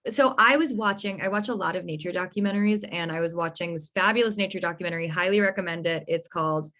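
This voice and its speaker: A woman's voice: fairly low pitch, fast talker, a bit bright. A young adult woman hosting an astrology podcast in an effusive, casual chat, laughing often.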